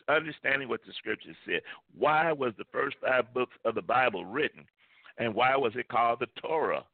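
A man's voice: mid-range voice, no room sound. A male pastor preaching a sermon with emphasis, repeating key phrases. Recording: tinny phone-like line, dry.

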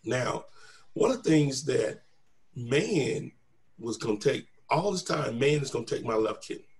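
A little slow and medium in pitch, a middle-aged man relates his personal testimony with animation, taking on the voices of the people who appear in his account.

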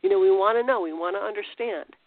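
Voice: medium pitch, fast, dry recording. A Christian teacher giving an informal spiritual talk, conversational, with restarts and rhetorical questions. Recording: tinny phone-like dry sound.

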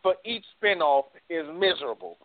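Man co-host, emphatic and repetitive, slightly high voice, tinny recording. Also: moderate pace, creaky, no echo. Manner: emphatic, repeats himself to get the floor. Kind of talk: casual chat. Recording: tinny phone-like sound.

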